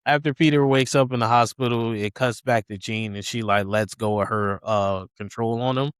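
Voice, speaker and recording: A man recaps a movie plot on a podcast in a relaxed, casual way. His voice is smooth and clear, recorded close and dry, and he animatedly acts out what the characters say as he goes. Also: fairly low pitch, moderate pace, dry recording. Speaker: podcast co-host.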